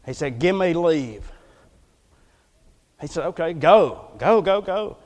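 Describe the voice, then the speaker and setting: A high-voiced man preaches a folksy storytelling sermon. He swings from loud, emphatic bursts down to hushed asides. The recording carries the long reverb of a church hall. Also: expressive, slow.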